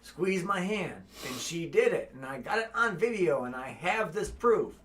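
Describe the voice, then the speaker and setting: A man co-hosts a casual livestream, reading out donations and telling stories with animated feeling. His voice sits high for a man and sounds bright and forward. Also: normal speed. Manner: animated, heartfelt storytelling.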